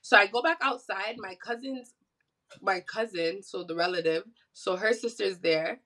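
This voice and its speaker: Bright-voiced Toronto woman telling a story. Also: medium pitch, moderate pace, poor audio. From Canada. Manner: animated, swears freely, acts out quoted voices. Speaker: podcast guest, musician. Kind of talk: casual storytelling.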